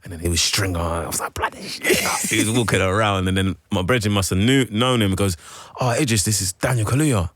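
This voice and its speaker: A man with a London accent talks quickly in a casual radio interview, piling up slang and filler words as he rambles. His voice sits fairly low and the studio sound is dry and close. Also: a bit bright, dry recording. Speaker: guest actor.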